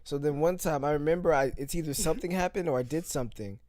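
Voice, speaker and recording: A man's voice: fairly high pitch, fast, a little mellow, no echo. A young man in casual podcast chat, talking bluntly and crudely and laughing along.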